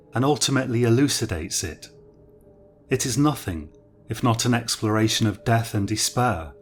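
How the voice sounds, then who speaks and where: A man's voice: mid-range voice, natural voice. A man reading a morbid artist. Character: male artist obsessed with suffering. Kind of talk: storybook narration.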